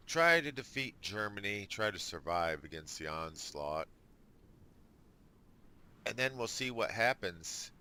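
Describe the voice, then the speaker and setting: A man with a very low, bright-edged voice talks through his strategy game in a casual let's play. He thinks aloud at an unhurried pace and drops dry little jokes as he goes. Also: very animated, smooth. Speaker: gamer.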